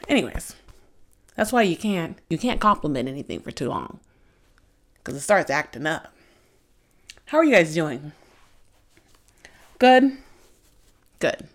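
A young woman hosts her own podcast in a loose, chatty way. She tells candid stories and fills her talk with "like". Her voice sits a little low for a woman. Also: sing-song, unhurried, long pauses. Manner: chatty, candid storytelling with lots of "like". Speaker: podcast host. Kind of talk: casual chat.

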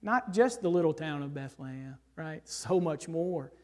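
Guy preaching in a church, high voice, big echo tail, goes from loud to hushed. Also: expressive, normal speed. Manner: emphatic, swings from loud declarations to hushed asides. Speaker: pastor. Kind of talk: sermon with scripture reading. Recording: long hall reverb.

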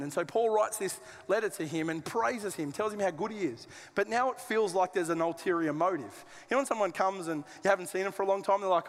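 A man's voice: sits high, big-room sound. A man preaching a sermon as a pastor, conversational and joking with colloquial asides. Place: church auditorium.

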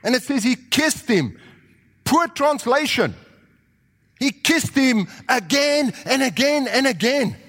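A man with a high voice preaches a sermon, telling the story vividly and acting out each character's lines. His voice rings with the long reverb of a large hall, as if recorded in a church sanctuary. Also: expressive, slow pace, a bit bright.

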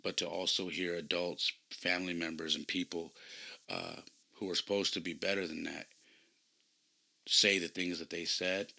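Deep gravelly man telling a story. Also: steady tone, moderate pace, sharp tone. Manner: earnest, reflective. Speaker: podcast host and youth baseball coach. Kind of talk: personal storytelling monologue.

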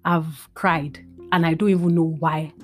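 Indoors at home, a woman hosts a casual solo podcast, sounding tired and emotional as she rambles and drops in Yoruba phrases. Her voice is low and steady, a little slow, with faint music behind her.

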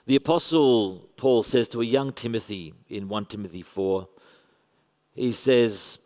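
An Australian man preaches in an easy, conversational tone with touches of wry humour. His voice sits low. The sound carries a long hall reverb. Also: unhurried, darkish tone. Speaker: pastor. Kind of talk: sermon.

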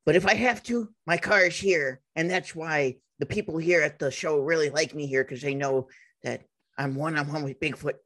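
A man's voice: on the high side, normal speed, a bit bright. A man voicing an earnest, nerdy adult man who calls himself a Bigfoot cop, rambling and dead serious.

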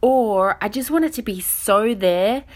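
A woman's voice: mid-range voice, animated, unhurried. A middle-aged woman hosting her own podcast, talking in a rambling, self-deprecating, chatty way with lots of fillers. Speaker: podcast host. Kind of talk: casual solo podcast monologue.

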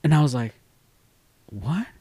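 A young man co-hosting a podcast, telling a story in casual chat, animated and swearing freely as he acts out quoted voices. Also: mid-range voice, brisk, dry recording, studio quality. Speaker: podcast co-host.

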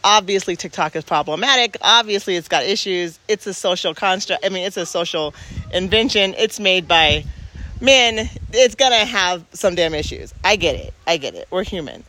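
A woman's voice: lowish voice, animated, moderate pace, pushed and bright. A woman in casual reflective talk, speaking earnestly and emphatically and restarting her sentences as she thinks aloud.

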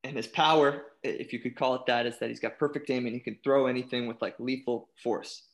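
Man, casual podcast chat, animated, stammering restarts, frequent laughs. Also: medium pitch, quick pace. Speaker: panelist.

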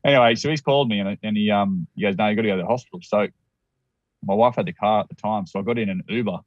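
A man's voice: fairly low pitch, very fast, no echo, dull audio. An Australian man telling a personal story as a guest, rambling with restarts and acted-out quotes.

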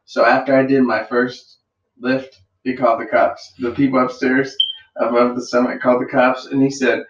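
A young man chatting casually as a podcast co-host, swearing often and getting loud as he tells stories. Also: mid-range voice, moderate pace, slight background noise. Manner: animated, swears a lot, yells when acting out stories. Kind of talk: casual chat. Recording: echoey room, dull sound.

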